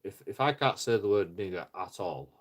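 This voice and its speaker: Husky low-voiced man ranting on stream. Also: animated, normal speed. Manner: rambling and profane, with frequent restarts. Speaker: live streamer. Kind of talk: casual live-stream rant.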